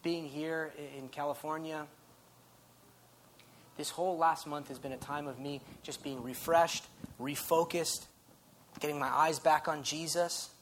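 A man preaching a sermon in an earnest, conversational way, dropping soft and then rising loud. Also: a little high, steady tone, unhurried, pauses often. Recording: faint background noise.

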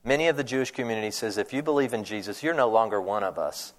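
A man preaching a sermon, retelling scripture with animated storytelling, conversational asides and restarts. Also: on the low side, fast talker. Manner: animated storytelling, acting out voices in retold scenes.

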